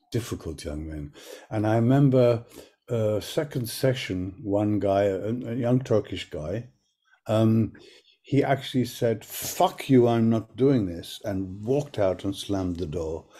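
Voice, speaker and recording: Low, mellow older man telling stories. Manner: candid, anecdotal, with frequent restarts. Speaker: guest speaker, choreographer. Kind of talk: reflective talk on a video call. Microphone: video call.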